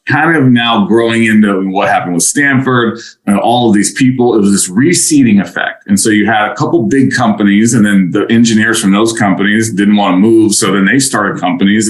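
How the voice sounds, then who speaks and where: Male podcast guest, energetic and talkative, low voice, heard on a video call in an echoey room. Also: moderate pace, hardly any pauses. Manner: energetic, talkative, swears casually. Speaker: podcast guest, tech CEO. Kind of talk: casual podcast chat.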